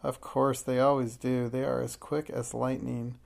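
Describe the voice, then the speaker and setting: A man voicing a thoughtful, imaginative young schoolgirl who talks in a calm, earnest, confiding way. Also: medium pitch, unhurried, vocal fry.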